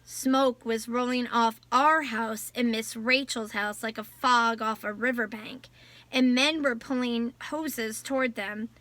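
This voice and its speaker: A woman reading a novel aloud in a measured storytelling voice. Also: a little high, fairly even intonation, bright, forceful tone, no echo. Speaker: audiobook narrator. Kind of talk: scripted novel narration.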